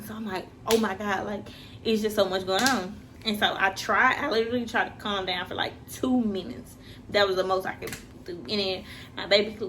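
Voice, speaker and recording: A young woman telling a personal story in a casual, animated way, jumping high for quoted voices and dropping to a hush in tense moments. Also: noisy background. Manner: animated, acts out quoted voices with big pitch jumps.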